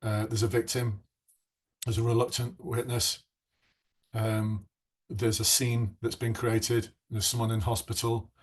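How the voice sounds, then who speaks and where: A man's voice: lowish voice, level tone, a little slow. A middle-aged man coaching would-be police officers in a live online masterclass, chatting and reacting to viewers' comments.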